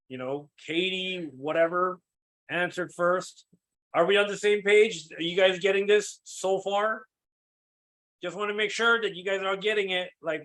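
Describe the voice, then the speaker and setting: High-voiced man coaching a sales team. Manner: energetic, keeps checking in with listeners; acts out sample sales calls. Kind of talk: live coaching session.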